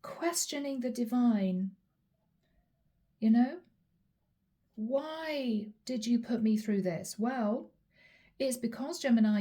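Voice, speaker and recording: A woman reading tarot cards aloud in a mellow, fairly high voice. She talks emphatically, repeats her key points and drops into quick asides that voice the listener's thoughts. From Europe. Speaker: tarot reader.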